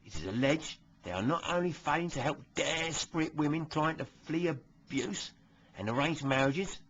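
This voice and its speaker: A smug, bigoted police constable, played by a man, gossips through a comic monologue, forever nudging the listener with tag questions. His voice sits fairly high and sounds husky. It comes through a dull, lo-fi recording.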